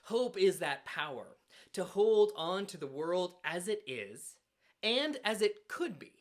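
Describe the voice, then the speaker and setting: A male minister giving a sermon at a church, earnest and measured, with dramatic pauses. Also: sits high, sing-song. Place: church sanctuary.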